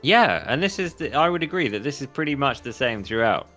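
A man's voice: mid-range voice, sing-song, a little fast, bright, forceful tone, faint music behind. A man co-hosting a podcast, laid-back, answering with short agreeing replies. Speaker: podcast co-host. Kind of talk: casual chat.

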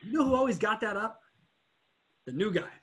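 High-voiced man telling car sales stories. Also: a little fast. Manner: animated storyteller, acts out customers, swears. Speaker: former car dealer. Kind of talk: casual podcast chat.

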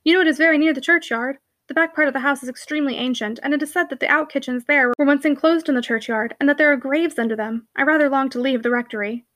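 A woman's voice: high voice, quick pace, few pauses, a bit bright, no room sound. A woman voicing an anxious, melancholy young woman who speaks earnestly and troubled.

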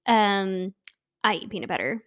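A woman's voice: medium pitch, expressive, normal speed. Young female co-host, casual and blunt, filler-heavy book banter. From Arkansas. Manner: chatty, blunt, peppered with "like". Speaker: podcast co-host.

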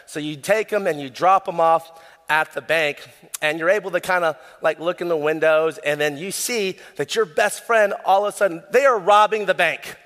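A man's voice: a little high, moderate pace. Young male pastor in echoing hall. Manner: casual, animated storytelling with many fillers. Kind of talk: sermon. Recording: long hall reverb.

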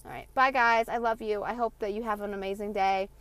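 A woman's voice: mid-range voice, fairly even intonation, fairly quick, a bit bright, smooth, no room sound. A young woman hosting her own podcast, delivering a passionate, sarcastic, profanity-laced rant. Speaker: podcast host. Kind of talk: ranting monologue.

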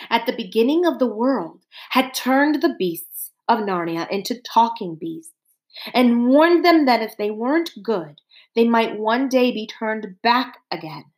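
A woman narrating a storybook aloud in an expressive, dramatic way. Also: a little high, rough recording.

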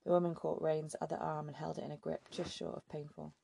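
A woman narrating an audiobook in a steady, measured way. Her voice is gravelly and husky, dark in tone, with a flat, even line. The sound is dry and close. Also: sits low. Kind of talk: scripted narration.

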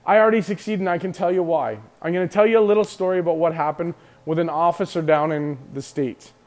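Man, emotional motivational talk to camera, a bit high-voiced, emphatic, restarts often. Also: fairly even intonation, quick pace, darkish tone. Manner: fired-up and emphatic, repeating himself with many restarts. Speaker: clothing brand owner speaking to viewers.

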